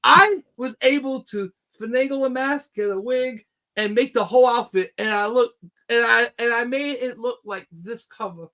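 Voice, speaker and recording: A man with a high, bright voice talks about his own comic book in a loose podcast conversation. He rambles eagerly, with plenty of ums and restarts, his tone ringing and forward. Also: normal speed, low-quality recording. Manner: eager, rambling storytelling with many fillers. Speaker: independent comic book creator, guest. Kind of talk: casual podcast chat.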